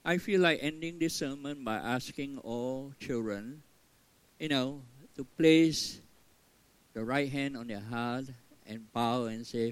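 An older man, a pastor, preaching an earnest sermon, stressing key words and then dropping to a soft, quiet tone. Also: medium pitch, unhurried, dry recording, low-quality recording.

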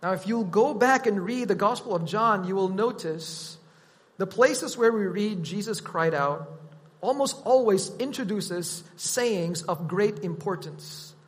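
A man preaching a sermon, teaching in a deliberate, emphatic way. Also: high voice, in a large hall.

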